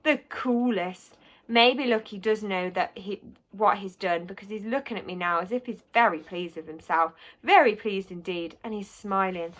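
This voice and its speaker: A woman's voice: medium pitch, normal speed, a bit bright. A woman reading a children's book aloud, narrating expressively in the first person. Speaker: audiobook reader.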